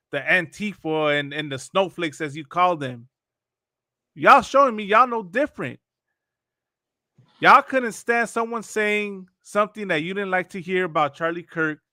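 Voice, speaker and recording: High, sharp, mocking man preaching. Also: normal speed, no room sound, studio quality. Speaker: host reacting to videos. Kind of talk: religious commentary talk.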